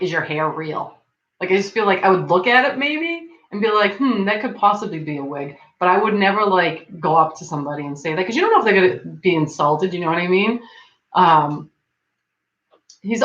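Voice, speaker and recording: A young adult woman hosts a stream, rambling casually, saying "like" constantly and laughing often. Her mid-range voice is a bit bright. The sound is dull and lo-fi, in an echoey room.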